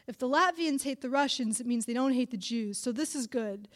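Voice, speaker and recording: A woman's voice: high-pitched, fairly quick, lightly acted. A woman playing a wary old grandfather in a read-aloud story. His blunt, broken English comes out firm and a bit raised. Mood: grumbling. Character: gruff elderly immigrant grandfather, distrustful.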